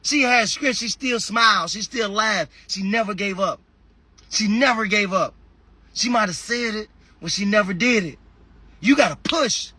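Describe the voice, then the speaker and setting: Hyped up guy on a phone live stream, high bright voice kinda husky, preaching at you and yelling then going quiet. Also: unhurried, no room sound. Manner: impassioned, preachy, swings between shouting and soft. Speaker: fitness motivational speaker. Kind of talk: passionate motivational livestream speech. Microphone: phone on a livestream.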